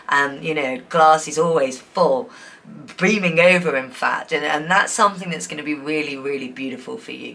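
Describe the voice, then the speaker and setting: A woman's voice: sits low, pushed and bright. A woman giving a chatty, enthusiastic tarot reading to her viewers, often breaking into giggles. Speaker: tarot reader. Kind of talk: casual pick-a-card reading.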